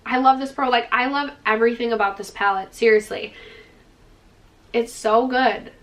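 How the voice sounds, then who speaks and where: Gushing and enthusiastic, a beauty vlogger reviews a makeup palette at a normal pace in a slightly high voice, peppering her talk with "like" and "freaking." She is out of breath with a dry throat and sits a little back from the microphone, so she sounds somewhat distant.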